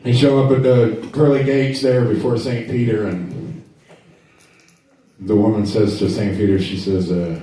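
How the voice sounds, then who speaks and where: A man's voice: fairly low pitch, level tone, measured pace, warm tone. A man with a drawl telling stand-up jokes and acting out the characters' lines. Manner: drawling storyteller, acts out characters in dialogue. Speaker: stand-up comedian. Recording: echoey room, mic heard from a distance.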